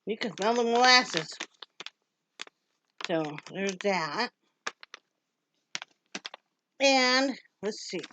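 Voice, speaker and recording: Chatty woman vlogger with lively dogs. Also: on the high side, slow pace, poor audio. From Wyoming, USA. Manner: chatty, keeps breaking off to scold and coo at her dogs. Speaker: vlogger unboxing a dog subscription box. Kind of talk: casual unboxing vlog chat. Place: home with dogs around. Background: dogs moving and making noise.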